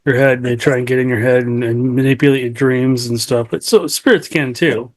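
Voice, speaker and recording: A man's voice: medium pitch, steady tone, fairly quick. A man hosting a casual interview podcast, laid-back, giving short encouraging replies. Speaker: podcast host.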